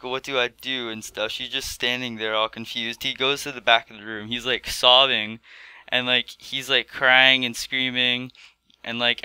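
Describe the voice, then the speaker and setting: A man's voice: medium pitch, pushed and bright, smooth, no room sound. A teenage boy telling a storytime vlog in casual chat, rambling with lots of fillers. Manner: rambling, filler-heavy with many "like"s. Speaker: vlogger. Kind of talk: storytime commentary.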